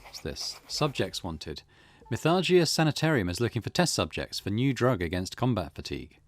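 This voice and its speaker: A man hosting a let's play, reading in-game notes aloud and muttering relaxed asides as he explores. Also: on the low side, moderate pace, no echo. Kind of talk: gameplay commentary.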